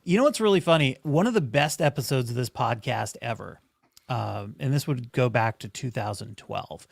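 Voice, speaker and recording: A man's voice: mid-range voice, expressive, moderate pace, vocal fry, slightly rough, dry recording. A man hosting a podcast, chatting casually and laughing along with his guest. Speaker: podcast host.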